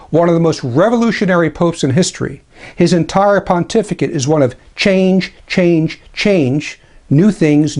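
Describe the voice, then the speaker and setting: A man giving a spoken religious commentary, deliberate and dryly critical, with ironic asides and slow, careful reading of quotations. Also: on the high side, darkish tone. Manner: deliberate, slows for quoted passages. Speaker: traditionalist Catholic commentator.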